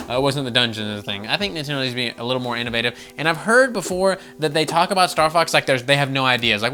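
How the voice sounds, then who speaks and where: A man's voice: mid-range voice, quick pace, faint music behind. An American man hosting a gaming channel, ranting casually with swearing and mocking voices. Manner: animated, swears, mock voices, laughs often. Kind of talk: casual opinion rant.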